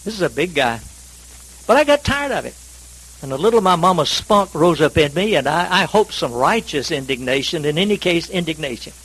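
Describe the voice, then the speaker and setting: A man from North Carolina, preaching a sermon in a folksy, self-deprecating storytelling manner with dramatic swings in pitch and volume. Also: big pitch swings, fairly quick, a bit bright, slightly rough, low-quality recording. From North Carolina, USA. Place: church service.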